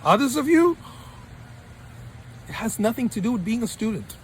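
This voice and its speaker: A man's voice: extremely high pitch, very animated, normal speed, slight background noise. A male mentor giving a motivational talk to camera, emphatic and repeating his points for punch. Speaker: study-abroad mentor.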